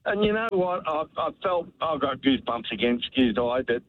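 A man's voice: medium pitch, animated, a little fast. An Australian man calling a talkback radio show, telling a heartfelt story in a rambling way that repeats words. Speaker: radio caller. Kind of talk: emotional talkback call. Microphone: telephone. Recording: tinny phone line, dry.

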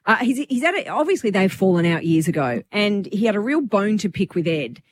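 A woman co-hosts a casual radio chat. She tells gossip with a chatty storyteller's flair. Her pitch moves in a lively, animated way. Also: fairly quick, dry recording, clean studio sound. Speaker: radio host.

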